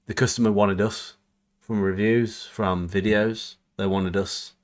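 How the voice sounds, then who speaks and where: Co-host, lowish voice, chatty and bantering, casual stream talk. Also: male voice, level tone, a little slow. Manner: chatty, banters, reads viewer comments aloud. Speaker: livestream co-host reading chat comments. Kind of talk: casual chat on a livestream.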